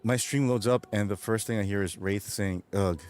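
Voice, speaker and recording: A man's voice: fairly low pitch, steady tone, a little fast, a little mellow, soft background music. A man streaming and chatting casually with his viewers, rambling, swearing, and laughing often. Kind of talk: casual livestream chat.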